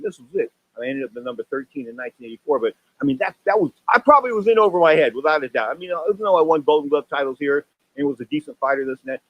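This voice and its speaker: An older man in his sixties talks fast on a boxing radio show, rattling through one story after another. His voice sits a little high and leaps higher whenever he exclaims or acts out a quote. The sound is dry and close-miked, with no room around it. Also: dry recording, muffled recording. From San Francisco Bay Area. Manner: animated storyteller, voice jumps up for exclamations and acted quotes. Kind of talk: rambling radio talk show monologue.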